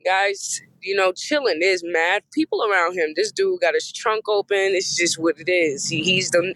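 A woman in her thirties from Boston, hoarse from a cold, hosting a podcast and telling a casual story with slangy, profane, emphatic repetition. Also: mid-range voice, moderate pace, few pauses, a bit bright, no echo, low-quality recording. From Boston, USA. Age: 30s. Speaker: podcast host.

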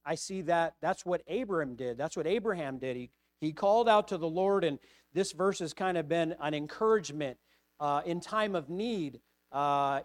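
A man's voice: fairly high pitch, moderate pace, no echo. A middle-aged man preaching a personal sermon, hesitant with repeated words, rising to impassioned pleading. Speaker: pastor.

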